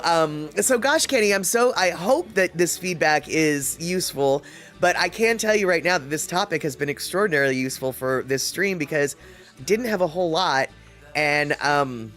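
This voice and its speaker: Male streamer host, slightly high voice, chatty and laughing, faint music under. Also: fairly bright tone. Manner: chatty and laughing often, reads comments aloud. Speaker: livestream host. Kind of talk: casual livestream chat reading viewer comments.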